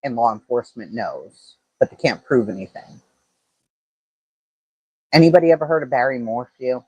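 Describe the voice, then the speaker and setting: A man talks through a case on his livestream in a loose, rambling way, restarting sentences and leaning on fillers. His voice is husky and sits at an ordinary middle pitch, heard dry and close. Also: lively intonation, normal speed, darkish tone, no room sound, low-quality recording. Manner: rambling, thinks aloud, frequent fillers and restarts. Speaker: true-crime livestream host. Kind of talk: casual livestream commentary.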